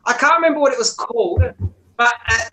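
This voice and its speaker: A woman co-hosting a casual livestream chat over a video call, telling animated stories. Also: a little high, fast, rough recording. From Australia. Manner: animated storyteller who acts out quotes. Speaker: podcast co-host.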